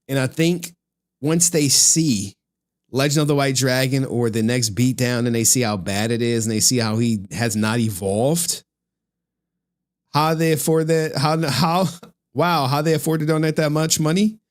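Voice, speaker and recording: A man's voice: medium pitch, measured pace. A man doing a live stream and talking casually to his chat, profane, chatty and exasperated.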